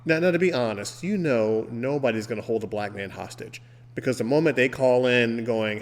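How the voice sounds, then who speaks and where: A man hosting a podcast, asking teasing questions and telling animated jokes. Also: mid-range voice, brisk, big-room sound. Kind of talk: casual podcast chat.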